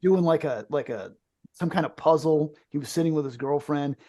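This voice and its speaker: A man's voice: a little high, moderate pace, mellow. A man from the United States, a podcast co-host, telling a jokey story in casual chat.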